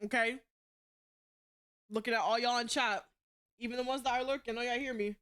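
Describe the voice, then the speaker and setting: A young woman streaming live, talking to her chat in a loud, blunt, profane way and laughing often. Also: a little high, fairly even intonation, brisk.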